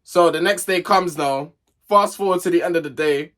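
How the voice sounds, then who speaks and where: A man's voice: high-pitched, normal speed, a bit bright. Chatty young man telling a story. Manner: chatty, digressive, slangy storytelling. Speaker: vlogger. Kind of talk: casual storytime chat.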